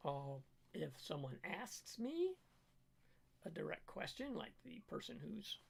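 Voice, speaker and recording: A middle-aged man talks casually on a livestream from his home kitchen. His voice is gravelly and a bit husky, and he rambles with lots of stops and restarts while stating firm opinions. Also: sits high, sing-song. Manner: rambling, halting, firmly opinionated. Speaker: cook and livestreamer.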